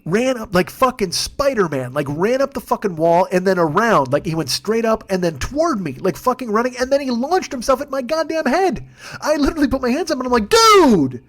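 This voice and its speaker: A man telling a long comic story in a profane, rambling, animated way, as a podcast host. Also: very high-pitched, fairly quick. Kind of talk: comedic storytelling monologue.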